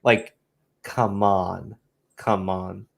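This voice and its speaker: A man's voice: low voice, little pitch movement, extremely slow, vocal fry. A man ranting casually as host of a commentary stream, profane and scornful, often repeating himself.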